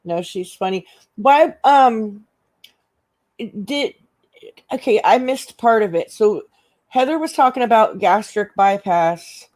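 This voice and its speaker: A woman's voice: medium pitch, lively intonation, takes it slowly, pauses often, darkish tone. A woman chatting as a panel guest on a livestream, teasing and laughing often, sometimes trailing off mid-thought. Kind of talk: casual chat.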